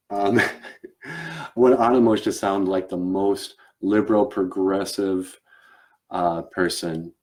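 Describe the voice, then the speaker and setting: Man, live-stream host, casual chat, rambling, many fillers and restarts, very deep voice. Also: takes it slowly, darkish tone. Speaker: show host and puppeteer.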